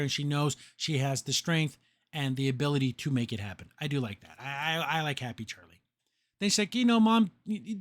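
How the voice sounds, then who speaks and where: Exasperated, animated male podcast host. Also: a little high, dry recording. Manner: animated, exasperated, laughs often. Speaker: podcast host reviewing a show. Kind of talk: casual review commentary.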